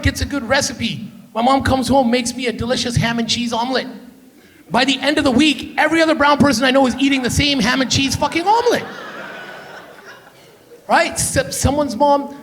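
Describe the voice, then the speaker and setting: A man from Canada, a stand-up comedian on a theater stage, telling loud, profane family stories and keeping the crowd with him with "right?". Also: very high-pitched. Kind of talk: stand-up storytelling.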